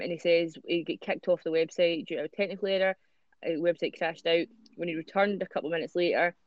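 A man's voice: fairly high pitch, dry recording, highs cut off. A Scottish man co-hosting a casual podcast, reading news stories aloud and ranting with swearing. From Scotland. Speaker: podcast co-host.

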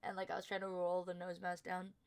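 A woman's voice: on the low side, completely flat delivery, fairly quick. A young woman co-hosting a podcast, chatting casually with a blunt, crude, laughing manner. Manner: blunt, swears, laughs often. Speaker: podcast co-host. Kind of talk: casual chat.

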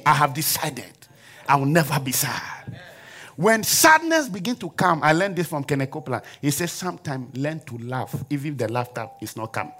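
A man's voice: a little high, animated, brisk, a bit bright, a faint crowd. A man preaching a sermon in a church, leading the congregation in call-and-response and forced laughter.

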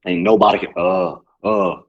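A man's voice: sits low, normal speed, lo-fi sound. A man co-hosting a casual sports chat, telling stories animatedly and laughing often. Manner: animated storyteller, acts out quotes, laughs often. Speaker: podcast co-host.

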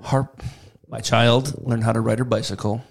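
A man's voice: medium pitch, fairly even intonation, moderate pace, creaky. A man co-hosting a podcast, telling a rambling story in casual chat and acting out what people said. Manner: rambling storyteller, acts out quotes. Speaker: podcast co-host.

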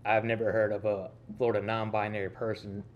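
A man's voice: on the low side, level tone, fairly quick, dull audio. A man from the Southern United States co-hosting a podcast in casual chat, rambling with lots of fillers. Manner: rambling, with many fillers and restarts. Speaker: podcast co-host.

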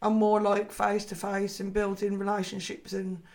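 A woman's voice: medium pitch, completely flat delivery, moderate pace, darkish tone. A woman with a Scouse accent, a personal trainer chatting as a podcast guest, talking freely with lots of fillers and frequent laughs. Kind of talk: casual podcast chat.

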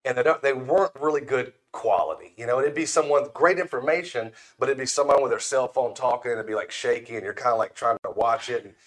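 A man's voice: mid-range voice, fast, hardly any pauses. A man chatting casually on a podcast, telling folksy stories and acting out the people he quotes. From Florida panhandle. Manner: folksy storyteller, acts out quoted voices. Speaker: podcast guest, brand founder. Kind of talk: casual chat.

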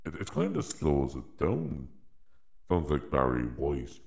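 A very deep, slowed-down crooner voice, put on by an Irish man through a voice changer. He croons playfully, dragging out the words. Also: huge pitch swings, gravelly, darkish tone, exaggerated voice. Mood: crooning. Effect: voice changer, pitched down and slowed.

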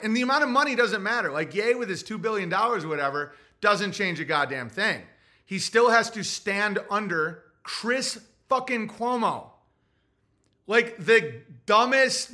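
A man with a New Jersey accent holds forth in a loose podcast monologue. His voice sits high and sounds bright and forceful, and he keeps jumping into put-on voices to act out what others say. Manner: animated, acts out quotes in put-on voices. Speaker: podcast host. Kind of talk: casual monologue.

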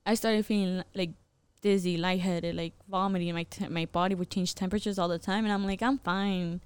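A woman's voice: lowish voice, steady tone, fairly quick, clear, resonant tone, no echo. A young woman, a podcast guest, telling a personal story in a candid, casual way, swearing freely and filling her speech with "like".

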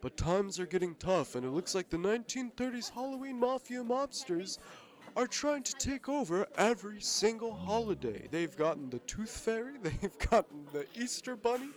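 Man playing Santa Claus, action hero, high-pitched, animated, theatrical, improv comedy. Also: moderate pace. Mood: urgent. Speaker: podcast host. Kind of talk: improvised comedy role-play.

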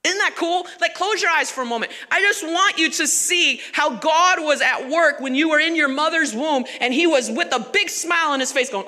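A woman pastor preaching a sermon in a church, animated and conversational with laughing asides. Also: sits high, moderate pace, few pauses, big-room sound.

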